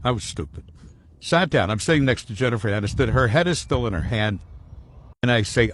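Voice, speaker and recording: A man's voice: mid-range voice, fairly quick, slight background noise. A man telling a funny personal anecdote, acting out the people he quotes. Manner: animated storyteller acting out quoted lines. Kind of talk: storytelling anecdote.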